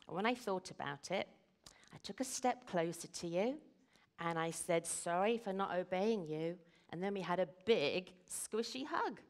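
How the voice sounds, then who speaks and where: Une femme qui joue un petit garçon anglais colérique et inquiet, à la voix haute et suppliante, dans une histoire pour enfants. Le ton monte, vif et tendu. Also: female voice, expressive, a little slow. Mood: thoughtful. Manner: high, fretful, pleading child voice. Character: anxious little boy, quick to anger.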